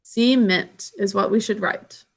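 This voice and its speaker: A young woman teacher leading an online spelling lesson over a video call, clear and encouraging. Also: mid-range voice, a little slow.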